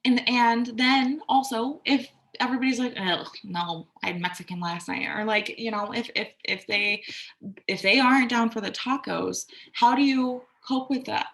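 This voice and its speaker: A candid young woman talks through self-care advice in a relaxed, conversational way. She drops in the odd swear word and briefly acts out the voices she quotes, then slips back into her easy reflective tone. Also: on the high side, moderate pace. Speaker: astrology and self-care podcaster. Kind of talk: reflective casual monologue.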